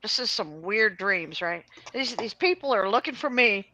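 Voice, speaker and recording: A woman hosting a casual chat, telling a long rambling story in an animated way. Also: mid-range voice, moderate pace, dry recording, low-quality recording. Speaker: host.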